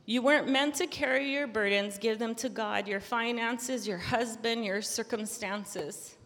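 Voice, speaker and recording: A woman's voice: a little high, a little slow, fairly bright tone, in a large hall. A young woman giving a casual devotional talk, earnest and chatty, with frequent restarts and filler words. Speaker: Christian speaker.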